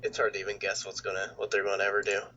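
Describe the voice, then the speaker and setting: A man's voice: fairly low pitch, monotone, very fast, bright, forceful tone, dull audio, a little hiss or hum. A man co-hosting a casual wrestling podcast, speaking hesitantly with lots of fillers. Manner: hesitant, filler-heavy, laughs often. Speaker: podcast co-host.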